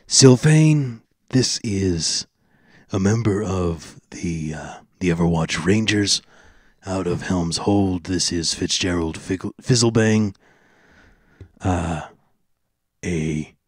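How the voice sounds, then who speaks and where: A man playing a weary knight officer with a low, husky voice who talks slowly and politely. He keeps his words measured and dry. The sound is close and dry. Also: no echo, full character voice. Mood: formal.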